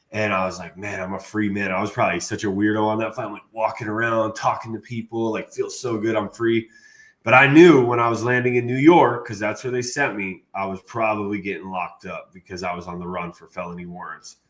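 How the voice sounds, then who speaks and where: A man, an interview guest, telling a long story in a casual, animated way and saying "bro" a lot. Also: fairly low pitch. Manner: animated, slangy, says "bro" often.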